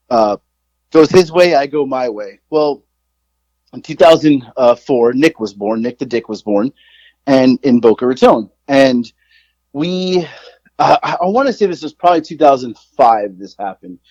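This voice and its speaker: A man's voice: mid-range voice, expressive, moderate pace, a little mellow, no room sound, highs cut off. A man in his forties, a podcast co-host, telling a rambling, profane, self-mocking story in casual chat.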